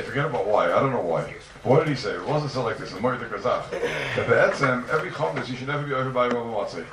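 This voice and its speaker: Gravelly teacher, fast questions, echoey room. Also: male voice, medium pitch. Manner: animated, fires rhetorical questions at students. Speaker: Talmud teacher. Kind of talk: yeshiva-style Talmud class. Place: classroom with students. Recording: roomy, distant mic, noisy ambience.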